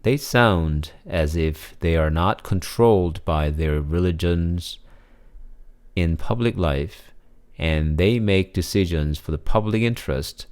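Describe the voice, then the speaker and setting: A man reading scripture and giving a measured sermon reflection. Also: low-pitched, a little mellow. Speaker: preacher.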